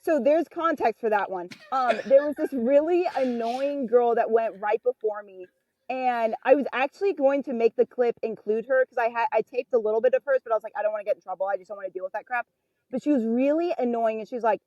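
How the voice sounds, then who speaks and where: A young woman comedian talks casually as a podcast guest, spinning candid stories and briefly mimicking the people in them. Her voice sits a little high yet sounds mellow and warm rather than bright. The recording is dry and close. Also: quick pace, dry recording, low-quality recording. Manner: candid storyteller, acts out quoted people with pitch jumps.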